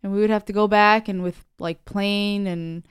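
A woman co-hosts a podcast, chatting casually in a smooth mid-range voice with fairly even intonation and a moderate pace. The recording is dry, with clean studio sound.

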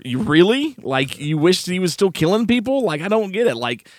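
A man co-hosting a podcast, casually reviewing a film in an animated, exasperated way, laughing often. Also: sits high, moderate pace, dry recording, studio quality. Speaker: podcast co-host.

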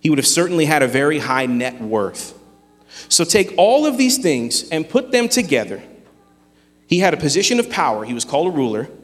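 A man preaching a sermon, earnest and emphatic, with dramatic pauses. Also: on the high side, sing-song, big-room sound. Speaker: pastor.

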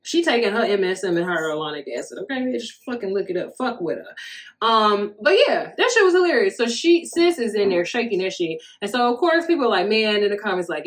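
A woman's voice: mid-range voice, expressive, fairly quick. A woman in her thirties hosting a solo podcast, talking candidly and profanely in a casual monologue, often laughing as she tells stories. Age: 30s. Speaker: podcast host.

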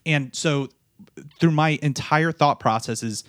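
A tired man, a podcast co-host and new father, tells a personal story in a halting way, often repeating words and starting over. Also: on the high side, fairly bright tone, no echo, clean studio sound.

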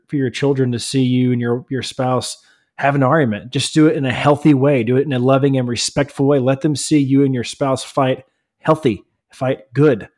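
A man's voice: mid-range voice, darkish tone. A man co-hosting a faith-based podcast, plain-spoken and encouraging, repeating points for emphasis. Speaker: podcast co-host.

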